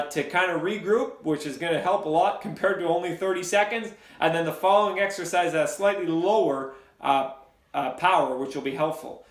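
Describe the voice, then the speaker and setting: High-voiced man coaching a cycling class. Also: fairly bright tone, reverberant. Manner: encouraging, counts down and repeats cues.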